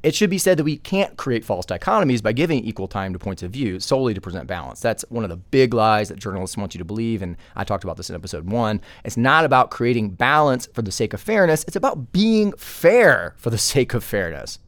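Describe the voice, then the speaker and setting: A man's voice: on the low side, sing-song, fairly quick, few pauses, no echo. A man who is a journalist and podcast host, delivering opinion commentary emphatically, with many rhetorical questions.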